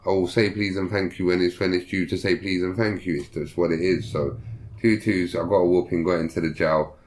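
A young man with a deep voice talks a little fast as he tells prison stories in casual slang. He swears freely and animatedly acts out the voices of the people he quotes.

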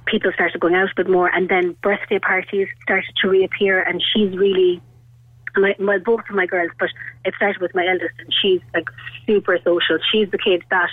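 A woman's voice: lowish voice, level tone, normal speed, breathy edge, dry recording. An Irish woman in her thirties rambles through a personal story, her talk full of little fillers. Her voice comes down a tinny, narrow phone line. The sound is dry and close. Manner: chatty and rambling, full of "like" and "you know". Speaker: radio caller. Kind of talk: telling a personal story on a call-in show.

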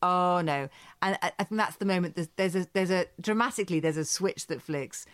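A woman's voice: on the low side, fast talker, no echo. A woman co-hosting a chat show, telling stories with enthusiasm, laughing often and acting out quotes. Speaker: podcast co-host. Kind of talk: casual chat.

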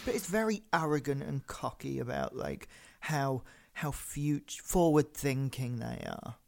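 Male co-host, casual and emphatic, quick to react. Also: mid-range voice, creaky, darkish tone. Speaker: podcast co-host. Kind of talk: casual chat.

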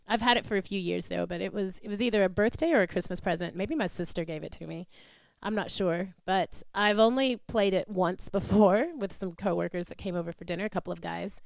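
A woman's voice: medium pitch, a little fast, creaky, no echo, studio quality. A woman co-hosting a podcast in casual chat, loose and chatty, laughing often. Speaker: podcast co-host.

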